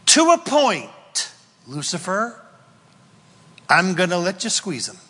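A man voicing God speaking to his disciple, impassioned and rising to a shout. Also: high voice, expressive, measured pace, slightly rough, big-room sound, voice pushed up, heavily acted. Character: God, an adult male deity, fervent and protective.

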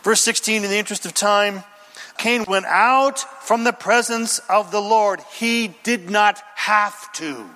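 A man's voice: sits high, measured pace, pushed and bright, long reverb tail. A male pastor preaching a sermon, acting out the quoted lines and calling out questions to the congregation.

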